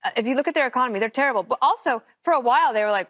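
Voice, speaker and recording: Brisk, opinionated TV panelist woman. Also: high voice, lively intonation. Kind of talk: broadcast panel commentary. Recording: dry, dull TV clip audio.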